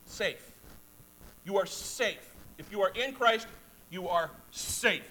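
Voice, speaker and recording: Male preacher, high and very bright voice, fervent, repetitive, loud peaks and hushed asides. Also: lively intonation, slow pace, rough recording. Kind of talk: sermon.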